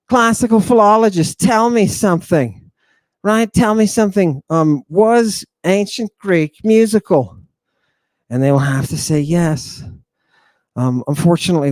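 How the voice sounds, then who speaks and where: A man's voice: fairly high pitch, no room sound. A man teaching an Ancient Greek lesson in a theatrical, teasing drill-sergeant manner. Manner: animated, teasing.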